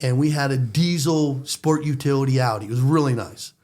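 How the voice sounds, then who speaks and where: An American man telling a story in a lively, excitable way, speaking in quick bursts. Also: mid-range voice. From United States. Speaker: storyteller guest. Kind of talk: animated storytelling.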